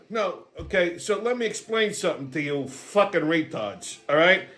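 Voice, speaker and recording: A man's voice: fairly high pitch, animated, moderate pace, few pauses, fairly bright tone. A man hosting a comedic rant, profane, brash and sarcastic. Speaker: host.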